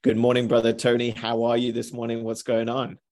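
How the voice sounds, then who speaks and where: A man's voice: mid-range voice, completely flat delivery, a little fast, a little mellow. Upbeat guy hosting a motivation podcast, chatty, says welcome a lot. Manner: upbeat, repeats greetings, self-talk asides. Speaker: podcast host. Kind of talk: live motivational podcast chat.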